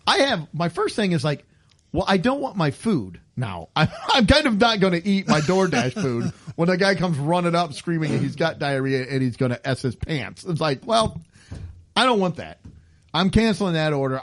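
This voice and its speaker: Lively, animated podcast host, a man in his 50s. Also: a little high, normal speed. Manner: animated storyteller who acts out the people in his stories. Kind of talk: casual comedy chat.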